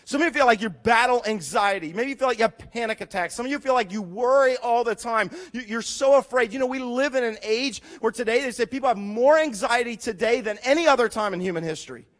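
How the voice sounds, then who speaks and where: A man preaching a sermon, retelling a scripture story in an animated way and briefly acting out the people in it. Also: very high-pitched, fast talker, few pauses. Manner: animated storytelling, voicing characters, rising to loud emphasis. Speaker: pastor.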